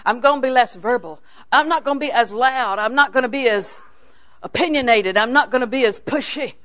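An older woman teaching a sermon on scripture in a folksy, animated way, swinging between loud emphasis and hushed asides. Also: fairly high pitch, fast. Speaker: Bible teacher.

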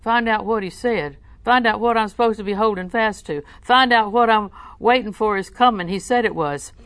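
A woman's voice: mid-range voice, normal speed, fairly bright tone, no echo. A woman preaching a sermon, telling a story and quoting scripture, asking the listeners questions as she goes.

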